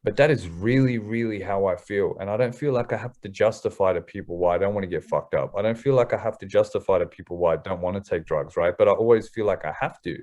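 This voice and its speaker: A man in his thirties with an Australian accent, a hip-hop artist telling stories in a casual interview, candid and quick to swear. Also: fairly low pitch, a little mellow. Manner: candid, swears freely, fast slangy storytelling.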